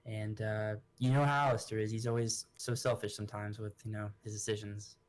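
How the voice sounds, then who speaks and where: A man's voice: on the low side, little pitch movement, fairly quick, close to an everyday voice. A man voicing a grieving noblewoman adventurer who rambles and restarts her sentences. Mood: sorrowful. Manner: rambling and hesitant, with many restarts.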